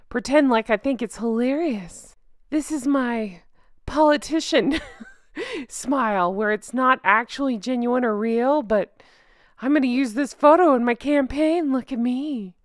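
A woman hosting a sarcastic, mocking first-person commentary, snarky with drawn-out catchphrases. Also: fairly high pitch, no echo, clean studio sound. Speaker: commentary channel host.

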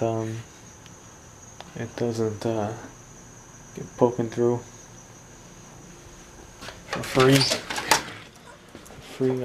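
A man talks into a handheld phone outdoors at night by a parking lot, rambling and complaining, with muttered asides. His voice is dark and gravelly. Crickets chirp faintly behind him. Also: medium pitch, slight background noise, rough recording. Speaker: vlogger. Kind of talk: casual late-night vlog.

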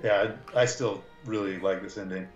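A man speaking remotely over a video call in a lowish voice, relaxed and measured. The sound is dull and lo-fi, with a roomy echo around him. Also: faint music behind. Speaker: remote guest writer. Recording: dull echoey call audio.

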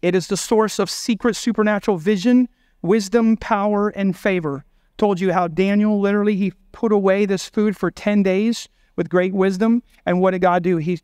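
A man's voice: sits high, darkish tone, smooth, no room sound, studio quality. A man preaching a sermon as pastor, emphatic and full of rhetorical questions.

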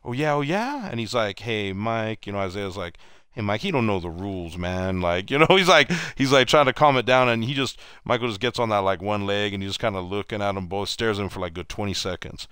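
A man's voice: lowish voice, fairly even intonation, fairly quick, hardly any pauses, pushed and bright, clear, resonant tone, no room sound, clean studio sound. A man streaming gameplay and telling a long story in a casual, rambling way, often restarting his sentences. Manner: mimics other people in raised voices when retelling stories.

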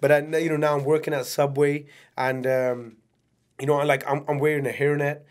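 Fast-talking man telling his story. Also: a little high, level tone. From England. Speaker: podcast guest. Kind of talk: casual storytelling.

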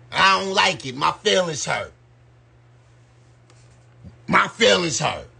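A man's voice: high voice, lively intonation, slow, gravelly, pauses often, sharp tone, husky. A man giving loose, slangy live-stream commentary and talking straight to his viewers. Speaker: YouTube commentator.

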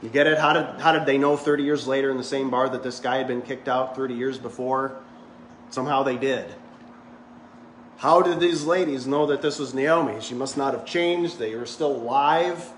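A man's voice: mid-range voice, normal speed, slight background noise. A male pastor preaching a sermon in a church, conversational and full of jokes. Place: church sanctuary. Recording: echoey church hall.

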